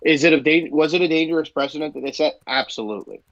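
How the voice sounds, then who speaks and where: A man's voice: a little high, quick pace, a bit bright. Man hedging in a dull, lo-fi recording. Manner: hedging, full of "I mean". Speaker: sports show co-host. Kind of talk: sports debate.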